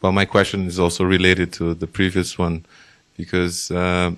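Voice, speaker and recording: A man in the audience asking a question, with a halting, hesitant delivery. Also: sits low, completely flat delivery, a bit bright, clean tone.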